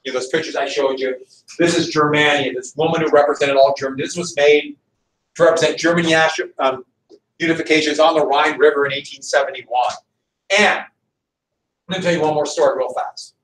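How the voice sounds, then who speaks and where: A man's voice: on the high side, fairly quick, slight background noise. A male history teacher lecturing a class and telling a story, acting out the people in it. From Montana, USA. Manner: animated storyteller, voices his characters. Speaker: high school history teacher. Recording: echoey classroom, mic at a distance.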